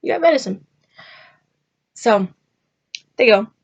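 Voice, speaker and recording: A woman casually retelling a fairy tale in a rambling, chatty way, jumping her pitch up to act out the characters' lines. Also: expressive, slow pace, husky, highs cut off. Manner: chatty and rambling, acting out quotes with pitch jumps. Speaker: vlogger. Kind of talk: casual storytelling.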